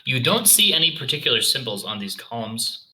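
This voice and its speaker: A man narrating a tabletop game as its game master, with a very bright, forward tone at a middle pitch. He paints scenes deliberately and now and then stops to correct himself. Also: big pitch swings, poor audio. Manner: descriptive, measured narration with self-corrections.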